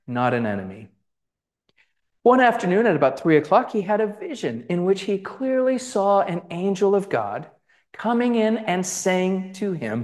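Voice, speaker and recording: A man giving a lecture on scripture, with conversational asides, who acts out the quoted voices. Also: fairly high pitch. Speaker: Bible teacher.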